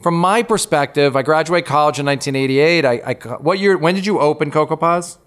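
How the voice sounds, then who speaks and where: A man's voice: on the high side, brisk, fairly bright tone. Fifties guy hosting a chat, eager, keeps asking follow-ups. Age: 50s. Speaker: podcast host. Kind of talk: casual interview.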